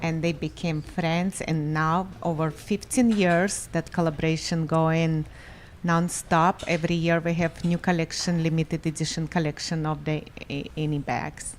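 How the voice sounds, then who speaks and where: Gallery co-owner, woman, deep flat voice, non-native phrasing, faint room noise. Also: a little slow. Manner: simple non-native phrasing, warm-hearted. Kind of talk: casual interview chat. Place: art gallery during a live event.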